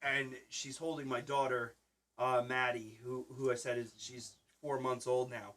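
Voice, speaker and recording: A man's voice: mid-range voice, flat delivery, a little slow. A man in his thirties hosting a casual podcast chat, rambling through stories and acting out what people said. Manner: rambling storyteller, acts out quotes loudly. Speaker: podcast host and Twitch streamer.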